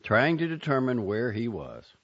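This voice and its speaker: A man reading short fiction and poetry aloud with an expressive, dramatic delivery, in a dull lo-fi recording. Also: mid-range voice, moderate pace. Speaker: reader.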